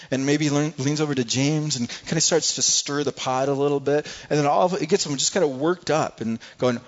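A man's voice: a little high, fast talker, few pauses, highs cut off. A man preaching a sermon in a conversational way, often repeating words and acting out what people in the story said. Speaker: pastor.

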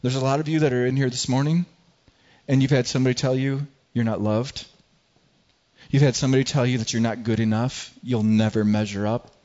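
A male pastor preaching a sermon, animated and telling a personal story with frequent stammered restarts. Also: mid-range voice, fairly quick, highs cut off.

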